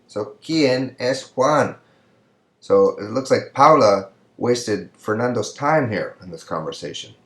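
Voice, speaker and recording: Slow-talking man teaching in an echoey room. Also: medium pitch, animated. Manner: patient, asks "right?" often, pauses for students. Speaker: Spanish teacher. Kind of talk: recorded lecture walking through exercises.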